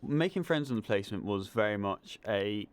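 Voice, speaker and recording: A man's voice: lowish voice, normal speed. Enthusiastic young Southern English man. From England. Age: young adult. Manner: enthusiastic, animated storyteller. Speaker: guest, film student. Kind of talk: casual interview chat.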